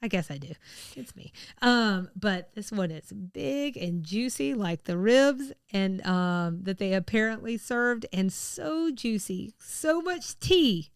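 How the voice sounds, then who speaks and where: Female podcast co-host, mid pitch, smooth and clear, dry close sound; chatty, easygoing delivery. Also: expressive, slow, no echo. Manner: chatty, laughs often, many fillers. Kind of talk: casual chat.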